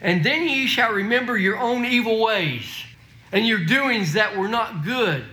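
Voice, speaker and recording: A man's voice: high-pitched, expressive, measured pace, bright, forceful tone, echoey room. A man preaching a sermon, emphatic and folksy, reading scripture aloud with frequent restarts.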